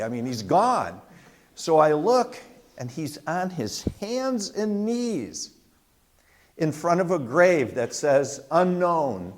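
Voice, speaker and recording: An older man, host of the talk, telling a personal family war story in a conversational way, with frequent restarts and fillers. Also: mid-range voice.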